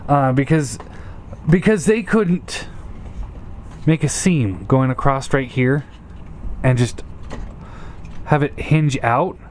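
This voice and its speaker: A man's voice: a little high, a little hiss or hum. A man giving a casual hands-on toy review, frustrated and swearing, often stammering and repeating himself.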